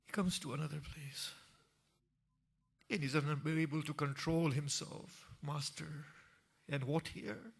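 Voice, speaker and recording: A man narrating an emotional religious story in a sermon, moving from hushed tones to impassioned cries. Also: fairly high pitch, fairly even intonation, takes it slowly, vocal fry, long pauses, husky. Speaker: preacher.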